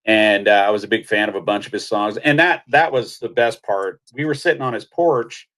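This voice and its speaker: A middle-aged man from Missouri, a country singer guesting on an interview show, telling anecdotes in a lively, casual way. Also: fairly low pitch, a little fast. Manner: animated anecdote-telling, acts out quotes, laughs.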